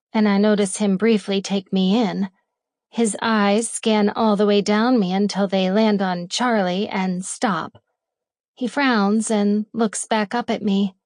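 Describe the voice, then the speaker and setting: Woman reading a romance audiobook, slow and playful, dry close sound. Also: medium pitch, steady tone, darkish tone, no echo. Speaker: audiobook narrator. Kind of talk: first-person romance audiobook narration.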